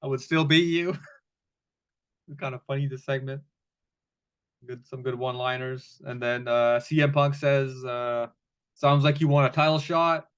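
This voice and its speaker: Casual male wrestling reviewer, mid-pitched, rambling and profane, on muffled lo-fi audio. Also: little pitch movement, measured pace, long pauses, clear, resonant tone. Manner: loose, rambling, profane, with laughs. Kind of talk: casual recap commentary.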